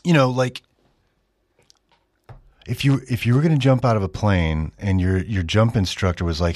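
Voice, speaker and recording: A man's voice: lowish voice, normal speed, long pauses, darkish tone, no echo, clean studio sound. A middle-aged man hosting a radio show, giving sarcastic commentary and mocking the texts he reads aloud. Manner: sardonic, mocking, with exaggerated read-aloud quotes. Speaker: radio host.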